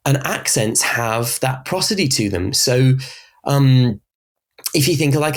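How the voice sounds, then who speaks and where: A man with a Southern English Berkshire accent, a voice coach speaking as a guest in a conversational podcast interview, explaining things in an animated way. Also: medium pitch, unhurried. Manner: expressive, animated explainer who often laughs.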